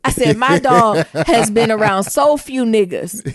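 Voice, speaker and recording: A woman co-hosting a podcast, telling a story in a casual, animated way and breaking into laughter. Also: on the high side, measured pace, crowd noise. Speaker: podcast co-host.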